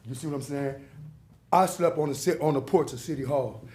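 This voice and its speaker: A man's voice: on the high side, a little fast, a little mellow. Impassioned man, preacher-like cadence. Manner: emotional, preacher-like cadence with rhetorical questions. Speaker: public commenter. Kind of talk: impassioned public comment. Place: large council chamber. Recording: echoey council chamber.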